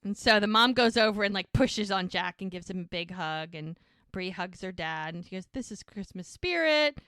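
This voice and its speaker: A woman co-hosting a podcast, recapping an episode in lively casual chat and quoting the characters as she goes. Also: on the low side, normal speed, clear, resonant tone, no echo, studio quality. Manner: animated storytelling, quotes the characters. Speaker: podcast co-host.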